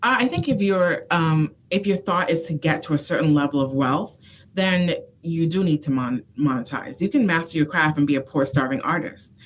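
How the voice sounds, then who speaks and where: A woman consultant co-hosting a casual talk show, with a very low voice. She gives earnest advice with animated asides. A faint hiss sits under the recording. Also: normal speed. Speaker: consultant and co-host. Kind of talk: casual chat. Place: phone booth studio.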